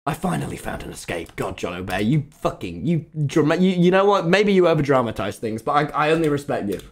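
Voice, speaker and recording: Man, live game streamer, high voice, very lively pitch, exasperated ranting. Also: a little fast. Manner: excitable, exasperated, swears and rants at the screen. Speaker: gaming streamer. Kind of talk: playing a game live, talking to viewers.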